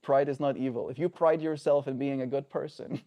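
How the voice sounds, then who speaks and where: A man's voice: medium pitch, fairly even intonation, a little fast, dark tone. A man talking earnestly and reflectively on a daily livestream, often checking in with the listener. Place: home.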